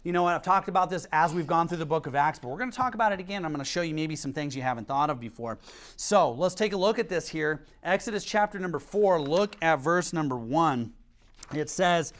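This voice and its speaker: Speaking a little fast in a high-pitched voice, this man delivers a sermon as pastor. He reads scripture aloud and tells lively stories, acting out the quotes.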